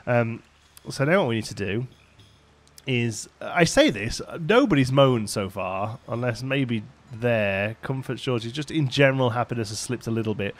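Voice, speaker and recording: A man's voice: mid-range voice, expressive, moderate pace. Chatty man narrating his gameplay. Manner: chatty, rambling, laughs often. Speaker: let's play host. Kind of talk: casual gameplay commentary.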